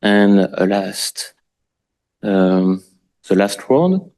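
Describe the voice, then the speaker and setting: A man with a French accent, a native French speaker, giving an architecture lecture in English with frequent pauses and restarts. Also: on the low side, big pitch swings, darkish tone, clean tone. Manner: halting, many fillers and restarts. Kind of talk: public lecture.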